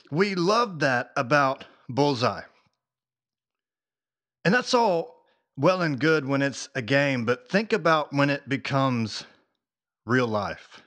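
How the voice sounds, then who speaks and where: A man giving a faith talk in a relaxed, chatty way, with a slightly higher voice than most men. He tells his story in a lively way, full of casual fillers. He sounds like a podcast host talking straight to his listeners. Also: measured pace.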